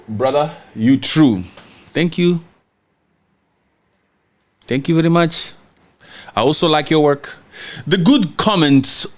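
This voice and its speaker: In a mid-range voice, a man from Congo runs a podcast livestream. He goes through viewer comments in a heated, emphatic manner and often says words twice.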